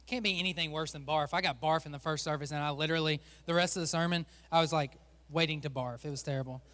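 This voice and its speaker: A man with a high voice leads a lighthearted sermon from a church stage. He jokes and teases the people up front with him, in a chatty, upbeat way. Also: steady tone, fast talker, fairly bright tone, in a large hall. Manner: joking, chatty, teasing the volunteers. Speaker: pastor. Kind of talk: playful sermon with a stage game.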